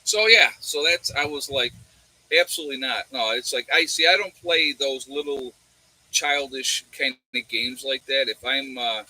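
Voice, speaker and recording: Bright, husky man chatting on a livestream. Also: mid-range voice, moderate pace, no echo, poor audio. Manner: rambling storytelling with many fillers and restarts. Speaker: livestream host. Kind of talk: casual livestream chat. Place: warm room indoors.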